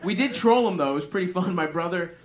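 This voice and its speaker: A man's voice: high-pitched, lively intonation, quick pace. Rambling, profane stand-up comedian man. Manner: rambling, profane, self-deprecating. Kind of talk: stand-up crowd work. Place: comedy club stage. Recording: live comedy club with crowd noise.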